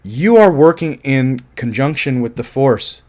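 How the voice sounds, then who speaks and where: A man's voice: medium pitch, animated, measured pace, a little mellow. A man giving a casual, rambling film review, thinking aloud and often restarting his sentences.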